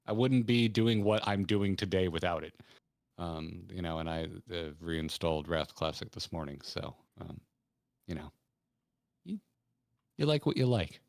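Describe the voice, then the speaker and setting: A man's voice: sits low, lively intonation, measured pace. A man hosting a casual podcast, chatty and prone to restarting his sentences. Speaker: podcast host.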